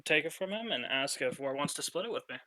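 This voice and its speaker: A man playing in a tabletop game, easygoing and unhurried, often laughing. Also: a little high, animated, pushed and bright, rough recording. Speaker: player.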